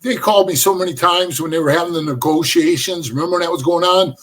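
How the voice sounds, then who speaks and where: A middle-aged man telling stories as a podcast guest, animated and profane, often calling the host bro. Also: fairly high pitch, fast talker. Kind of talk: storytelling in casual conversation.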